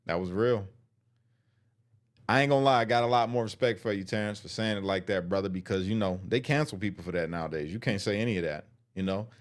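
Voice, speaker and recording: A man's voice: lowish voice, fast talker, soft background music. A man hosting a show, reacting to a clip in blunt, slangy casual commentary.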